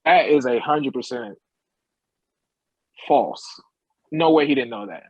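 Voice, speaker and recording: A man's voice: medium pitch, takes it slowly, husky, dry recording, lo-fi sound. A man co-hosting a casual sports podcast, speaking in an emphatic, insistent way. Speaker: podcast co-host.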